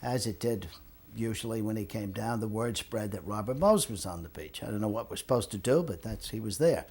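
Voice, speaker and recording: A man's voice: lowish voice, a little fast, husky. An older man, a retired lifeguard telling stories from his past and acting out the people in them. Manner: animated storyteller, acts out quoted voices. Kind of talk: storytelling reminiscence.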